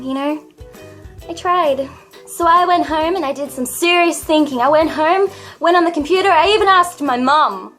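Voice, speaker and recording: A woman's voice: lively intonation, fairly quick, faint music behind. A young woman in her late teens with an Australian accent, telling a personal story to camera in a chatty, self-mocking way and swearing casually. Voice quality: naturally high voice. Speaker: vlogger.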